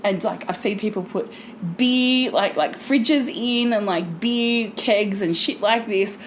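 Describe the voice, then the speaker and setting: A woman's voice: medium pitch, slow pace, a little hiss or hum. A young woman co-hosting a podcast in casual chat, rambling, swearing and laughing often. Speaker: podcast co-host.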